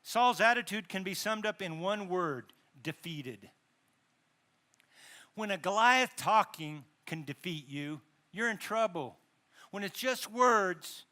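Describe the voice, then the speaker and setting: A man's voice: sits high, animated, measured pace, bright, forceful tone. A male pastor preaching a sermon in a conversational way, with asides, self-corrections and dramatized quotes. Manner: dramatizes quotes with rising emphasis.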